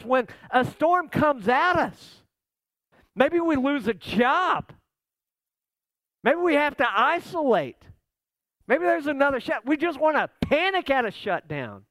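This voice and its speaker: A man's voice: very high voice, sing-song, a little slow, fairly bright tone, no room sound. A man preaching a sermon as a pastor, conversational and emphatic, with asides to the listeners.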